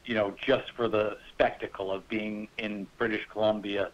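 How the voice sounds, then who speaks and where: Animated man telling hunting stories, muffled. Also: lowish voice, normal speed. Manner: animated, acts out quoted voices with laughter. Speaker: guest hunter. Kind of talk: casual storytelling.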